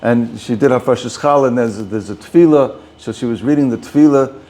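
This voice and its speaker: A man's voice: mid-range voice, a little fast, dark tone. A man, a rabbi, giving an informal talk to a small group, often repeating and restarting words.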